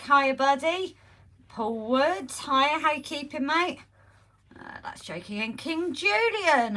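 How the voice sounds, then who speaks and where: Woman on a home livestream, mid pitch, a bit croaky, chatty, says hi to everyone by name, phone mic. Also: a bit bright. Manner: chatty, greets viewers by name. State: slightly croaky, recovering from illness. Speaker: livestream host. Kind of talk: casual live-stream chat. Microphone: phone on a holder.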